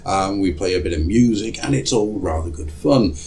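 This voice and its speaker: A man's voice: sits low, lively intonation, normal speed, a little mellow, a little hiss or hum, poor audio. A man hosting a podcast in a casual, jokey, self-mocking way and swearing freely. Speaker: podcast host.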